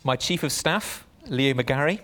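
A man's voice: mid-range voice, lively intonation, unhurried, a bit bright. A man reading out the lines of a sarcastic male president who lectures a critic with mock-earnest questions.

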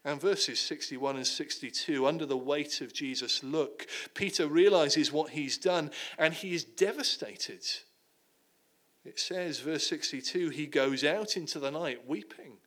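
A man preaching a sermon, retelling the passage dramatically and dropping to hushed tones at the heavy moments. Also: fairly high pitch, unhurried.

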